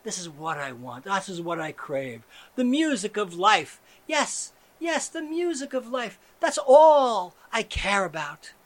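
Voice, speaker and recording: A man hosting a satirical comedy monologue, ironically swinging between hushed, mellow murmurs and sudden loud outbursts. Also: sits high, very animated, unhurried, hardly any pauses. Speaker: show host.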